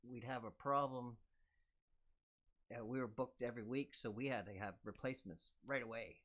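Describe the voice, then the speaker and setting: Humble, soft-spoken older man. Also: medium pitch, normal speed. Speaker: musician guest. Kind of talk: casual conversation.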